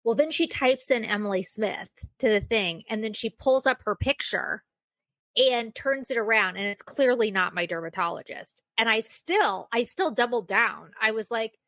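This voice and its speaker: A woman's voice: a little high, lively intonation, normal speed, a bit bright, dry recording. Chatty young woman telling a story. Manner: chatty, storytelling, filler-heavy, self-mocking. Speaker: podcast host. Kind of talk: casual solo podcast chat.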